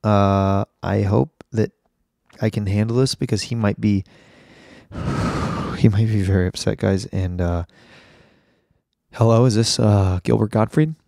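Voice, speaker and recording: A man's voice: on the low side, fairly even intonation, measured pace, gravelly, pauses often, warm tone, dry recording, clean studio sound. A young man with laryngitis hosting a solo comedy podcast, rambling in a jokey, self-deprecating way. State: hoarse with laryngitis. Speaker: podcast host.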